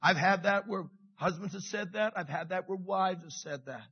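A middle-aged man preaching a sermon with passion, dropping to a hush and rising again, repeating his phrases. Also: sits high, normal speed, creaky, husky, lo-fi sound. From Canada. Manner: passionate, swings from hushed to loud, repeats phrases. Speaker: pastor.

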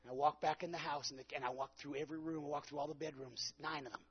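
A man's voice: on the high side, fairly even intonation, fast, husky, lo-fi sound. A man preaching a sermon, telling a personal story with dramatic delivery and acted-out quotes. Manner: dramatic storytelling, acting out his own quotes.

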